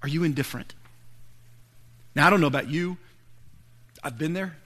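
A man preaching a sermon, earnestly building to pointed rhetorical questions and then falling to a hushed, quiet delivery. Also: on the high side, normal speed. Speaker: pastor.

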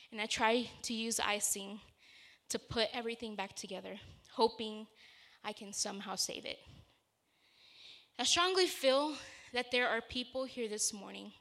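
A woman preaching a sermon with a bright, forceful voice pitched a bit high. She talks in an earnest, conversational way and leads from a personal story into scripture. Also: gravelly.

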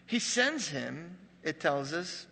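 Forceful preacher in a reverberant hall. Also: male voice, on the high side, very animated, slow, gravelly, breathy edge. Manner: conversational, joking storyteller who drops to a hush for dramatic moments. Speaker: pastor. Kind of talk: sermon.

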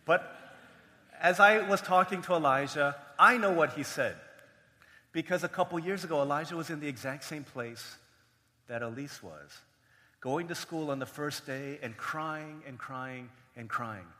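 Bright-voiced pastor in a reverberant hall. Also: male voice, fairly high pitch, a little slow. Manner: storytelling, playful quoted voices. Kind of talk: sermon with personal story.

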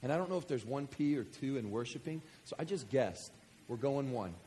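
A man from West Kentucky preaching a sermon, joking with the congregation and swinging from quiet scripture reading to loud excitement. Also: mid-range voice, fairly quick, slight background noise. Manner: animated, jokey, swings between quiet reading and loud enthusiasm. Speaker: pastor.

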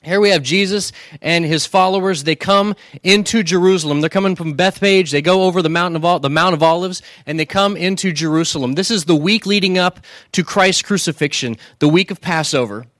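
High-voiced joking preacher man. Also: fairly quick, hardly any pauses, fairly bright tone, no echo, studio quality. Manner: joking storyteller who keeps asking the crowd "right?". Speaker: pastor. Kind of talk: humorous sermon.

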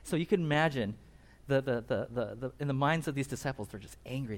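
A man preaching a casual sermon, retelling a Bible story with animated asides and quick voiced bits for the characters. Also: mid-range voice. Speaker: pastor.

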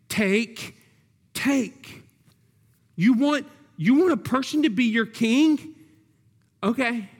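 High-voiced preacher in a reverberant hall. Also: male voice, a little mellow, slightly rough. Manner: emphatic, repeats key words, asks the congregation questions. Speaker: pastor. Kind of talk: sermon.

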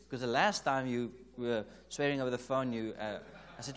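South African male preacher, storyteller, acts out dialogue, mid-pitched voice. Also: fairly quick, hardly any pauses. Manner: anecdotal, re-enacts dialogue, chuckles often. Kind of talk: conference sermon, storytelling. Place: church or conference hall.

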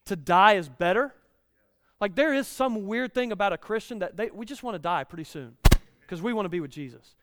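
High-voiced preacher in a reverberant hall. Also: male voice, animated, brisk, noisy background. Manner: conversational, repeats lines for emphasis, rises loud on scripture. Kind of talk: sermon.

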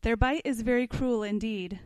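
Higher-voiced woman reading a parenting text. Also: normal speed, a little mellow, no echo. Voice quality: conversational, asks the class questions. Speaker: parenting class teacher. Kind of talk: reading aloud from a book and commenting.

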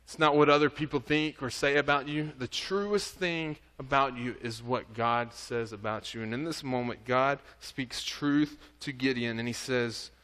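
A man's voice: medium pitch, normal speed, hardly any pauses, a bit bright. A man preaching a sermon, reading scripture aloud and earnestly urging his listeners. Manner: reads scripture then exhorts, pleading and earnest.

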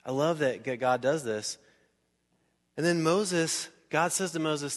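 A pastor, male and a touch high in pitch, preaches at an unhurried pace inside a church hall that rings with long reverb. He chats animatedly with his listeners, putting questions to them and dramatizing brief moments.

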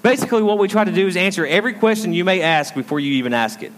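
A man's voice: high-pitched, lively intonation, very fast, a bit bright. A man preaching a conversational sermon, telling a story and drawing the congregation in with frequent asides. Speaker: pastor. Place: school auditorium used as a church. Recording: long hall reverb.

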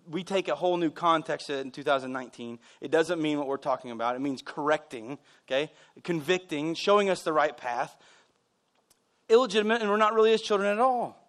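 High-voiced man preaching a lively sermon. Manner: conversational, animated storytelling with asides. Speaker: pastor.

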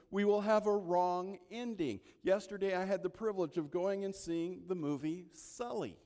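Male pastor preaching, high voice, big hall reverb, shifts from hushed asides to loud emphasis. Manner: preaching with swings between soft asides and loud emphatic peaks. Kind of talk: sermon.

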